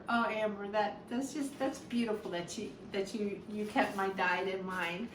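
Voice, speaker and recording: A woman's voice: medium pitch, steady tone, normal speed, hardly any pauses. A woman chatting casually while unboxing a gift, gushing, gasping and exclaiming as she goes, teary and sniffling at times. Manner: gushing, gasps and exclaims often. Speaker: YouTube unboxing vlogger. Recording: roomy sound, distant mic, faint background noise.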